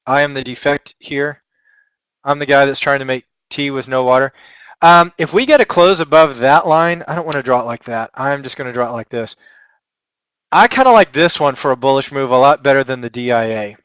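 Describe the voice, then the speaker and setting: A man's voice: medium pitch, moderate pace, a bit bright, clear, resonant tone, no room sound, highs cut off. A man from Texas hosting a live trading lesson, thinking aloud in a chatty, joking and self-deprecating way with rambling asides. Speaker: trading webinar host.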